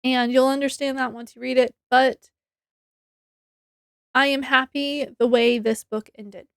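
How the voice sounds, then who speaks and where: A woman's voice: high-pitched, clean tone, no room sound, clean studio sound. A young woman reviewing a book in a casual chat, rambling and correcting herself, with frequent giggles.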